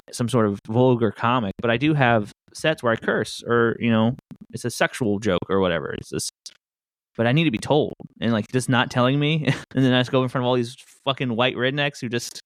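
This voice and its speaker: A man's voice: mid-range voice, no echo. Easygoing comic man, dry close sound. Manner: loose storytelling with quick voiced asides. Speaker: podcast host and stand-up comic. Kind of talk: casual chat.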